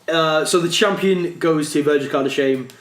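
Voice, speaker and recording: Chatty host, high voice. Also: male voice, normal speed, fairly bright tone. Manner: joking, chatty, swears. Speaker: podcast host. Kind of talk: casual chat. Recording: roomy echo.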